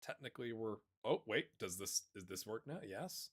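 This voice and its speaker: A man giving casual, excitable commentary on a football management game, chatting to his viewers and calling the players lads. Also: fairly low pitch, moderate pace. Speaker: gaming YouTuber. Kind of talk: casual let's-play commentary.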